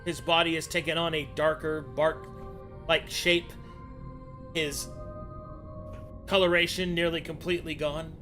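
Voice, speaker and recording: A man's voice: a little high, little pitch movement, measured pace, pauses often, over music. A man narrating a tabletop game as game master, describing scenes with some fillers and restarts.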